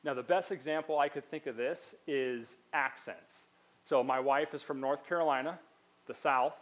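A man's voice: medium pitch, moderate pace, rough recording. A man giving a sermon as a pastor. He talks in a conversational way, explaining things step by step and dropping in casual asides.

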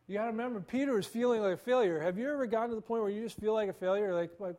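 A man's voice: high voice, very fast, few pauses, warm tone. A male pastor giving a conversational sermon, acting out quoted dialogue with stammering repetitions.

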